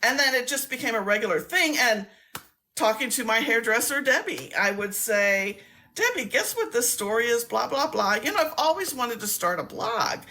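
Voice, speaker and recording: A woman's voice: fairly high pitch, lively intonation, moderate pace, bright, forceful tone. A woman hosting a live stream, chatting casually and rambling, laughing often.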